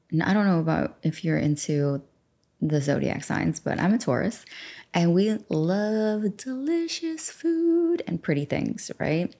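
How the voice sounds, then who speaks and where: A woman with a fairly low pitch and dark tone hosts a self-help podcast as a life coach, talking casually into a studio microphone. Chatty and affirming, she guides listeners through journaling and acts out her thoughts.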